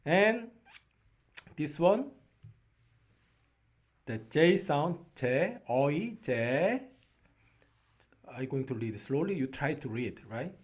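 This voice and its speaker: Slow-paced Korean-accented male teacher. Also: a little high, sing-song. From South Korea. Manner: slow, patient, repeats "right?" to check on learners. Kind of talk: beginner language lesson.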